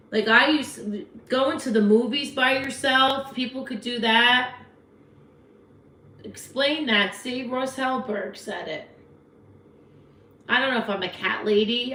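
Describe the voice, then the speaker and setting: A woman's voice: fairly high pitch, measured pace, sharp tone, reverberant. A woman in her fifties with a New Jersey accent, hosting a casual livestream and chatting frankly back to viewer comments. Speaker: livestream host. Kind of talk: casual live chat reading comments.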